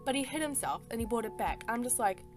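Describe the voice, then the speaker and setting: A woman's voice: a little high, fast, soft background music. A woman telling a personal story in a casual voice-over, emphatic and exasperated, swearing freely and filling her talk with "like" and "sis". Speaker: storytime artist.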